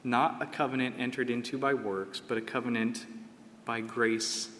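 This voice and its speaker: A man's voice: mid-range voice, fairly even intonation, normal speed, a bit bright, a little hiss or hum. A man preaching a sermon, telling a story dramatically and rising to impassioned cries. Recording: long hall reverb.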